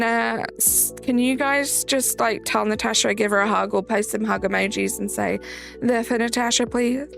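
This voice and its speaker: A woman's voice: high voice, creaky, a bit bright. A woman with a Southern English accent, hosting a live stream in casual chat, greeting viewers by name and reading the chat aloud. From south of England.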